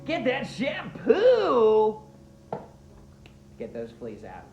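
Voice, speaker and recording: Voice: medium pitch, sing-song, a little slow. A performer doing a goofy wasteland busker. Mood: rambling. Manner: rambling, self-narrating, jokey. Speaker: in-world musical entertainer. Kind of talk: comedic in-character musical interlude. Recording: echoey room, dull lo-fi sound, loud guitar. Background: guitar playing.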